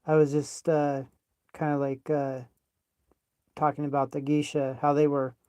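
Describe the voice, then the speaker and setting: A man talking casually to a phone app on a livestream, halting and full of fillers, calling it honey. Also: on the high side, flat delivery, warm tone, clear, resonant tone, no room sound. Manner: halting, filler-heavy, calls her honey. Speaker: app user hosting a livestream.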